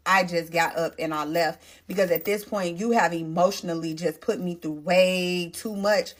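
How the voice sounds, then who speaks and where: Talking directly to viewers, a young adult woman shares her own story as a casual storytime monologue. Her lowish voice carries an emotional, animated delivery.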